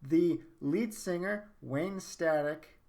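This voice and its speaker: A man's voice: a little high, slow pace, crowd noise. A man hosting a casual podcast chat, rambling enthusiastically and repeating himself. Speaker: podcast host.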